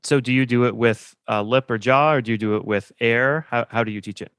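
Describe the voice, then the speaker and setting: A man co-hosting a podcast, asking questions and telling anecdotes in a relaxed conversational way. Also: medium pitch, a little fast, smooth, no echo, clean studio sound. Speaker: podcast co-host.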